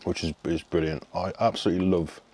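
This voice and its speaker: A man's voice: sits low, fairly even intonation, fast, a little mellow, no room sound. A man, chatting casually to camera as a fitness coach, rambling and swearing freely. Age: 30s. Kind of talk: casual vlog chat.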